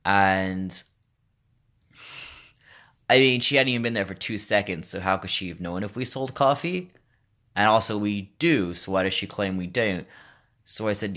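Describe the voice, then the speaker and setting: Casting note: American man vlogging in a faked Russian accent, low-voiced, rambling and wry. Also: moderate pace, fairly bright tone. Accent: Russian-style put-on accent. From United States. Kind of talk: casual storytelling vlog.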